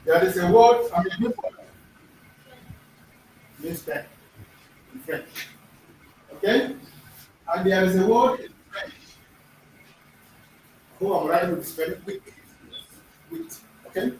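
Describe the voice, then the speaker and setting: A man's voice: high-pitched, expressive, measured pace, pauses often, a little mellow. A middle-aged man teaches pronunciation to a class. He repeats words and quizzes the students. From Nigeria. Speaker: language teacher. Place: echoey classroom. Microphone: far room mic. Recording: echoey room, distant mic, faint noise.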